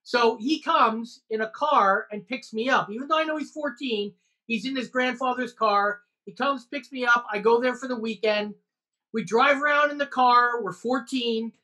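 Woman, podcast co-host, animated storyteller who curses freely; bright, slightly high voice. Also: moderate pace. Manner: animated storytelling with frequent swearing. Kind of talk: casual chat.

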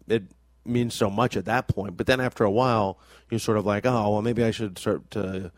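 A man's voice: lowish voice, steady tone, moderate pace, no echo. Rambling man musing about comedy, dry sound. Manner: rambling, repeats words while thinking. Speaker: comedian in the conversation. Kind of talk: casual interview chat.

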